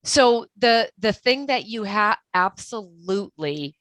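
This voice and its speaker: A woman's voice: mid-range voice, lively intonation, slow, fairly bright tone, dry recording. A woman speaking as a guest expert in a podcast interview, giving earnest, direct advice with frequent restarts. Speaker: guest expert on toxic relationships.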